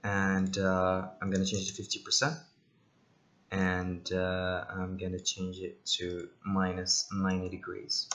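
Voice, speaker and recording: A man casually talking through a software tutorial, thinking aloud with many ums and side jokes. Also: deep voice, completely flat delivery, measured pace. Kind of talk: casual screen-recorded tutorial.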